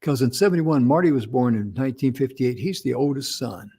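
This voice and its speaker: A man's voice: mid-range voice, lively intonation, a little fast, dark tone, breathy edge. Folksy man telling a rambling story. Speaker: co-host. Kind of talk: casual talk show chat.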